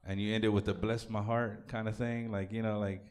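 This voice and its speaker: A man's voice: on the low side, little pitch movement, fast, a little mellow, clear, resonant tone. A man from Oak Cliff, Texas, doing a profane, offhand stand-up set on a comedy club stage. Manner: crude, profane, offhand delivery.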